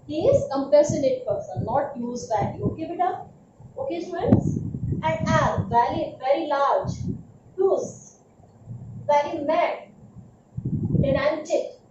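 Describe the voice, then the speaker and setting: A woman teacher giving a vocabulary lesson, repeating each word and often checking in with her students. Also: sits high. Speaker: English teacher. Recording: roomy, distant, dull, noisy recording.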